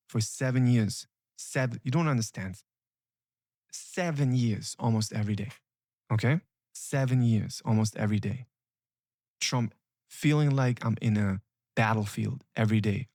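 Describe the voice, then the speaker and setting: A man's voice: mid-range voice, darkish tone, no room sound. Emphatic male coach, dry close sound. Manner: emphatic, repetitive, urgent. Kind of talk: motivational coaching talk.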